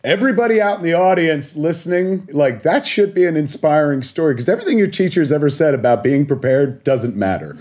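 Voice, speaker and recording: A man's voice: on the high side, animated, fairly quick, hardly any pauses, darkish tone. A man hosting an interview, asking playful, rambling questions. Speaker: interview host. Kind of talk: casual interview chat.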